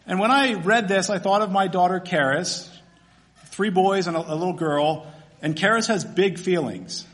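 A man's voice: high-pitched, normal speed, a bit bright. A man, a pastor, preaching a sermon in a conversational, storytelling way with casual fillers.

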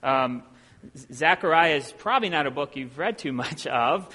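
A man from Ohio preaching as a visiting preacher, talking in a relaxed, self-deprecating way with plenty of ums. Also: on the high side, normal speed. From Ohio, USA. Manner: conversational and self-deprecating, with many filler sounds. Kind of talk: sermon. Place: church sanctuary. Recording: long hall reverb in a church.

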